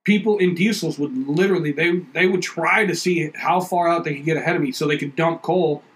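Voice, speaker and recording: A man's voice: on the high side, a little fast, low-quality recording. Profane, rambling man telling stories. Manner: rambling, profane storytelling with animated quoted outbursts. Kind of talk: casual chat.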